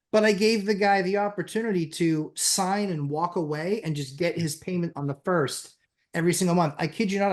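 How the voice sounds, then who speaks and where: Explanatory man with a slightly high voice. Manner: explanatory, builds points. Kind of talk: casual real estate chat.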